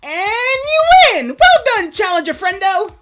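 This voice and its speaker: A man in a pinched falsetto voicing a peppy, teasing female streamer who runs a gym in a video game. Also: very animated, a little slow, loud music behind the voice, full character voice.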